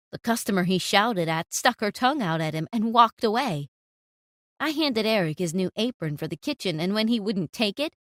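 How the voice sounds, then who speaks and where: Animated woman storytime narrator. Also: fairly high pitch, no echo, studio quality.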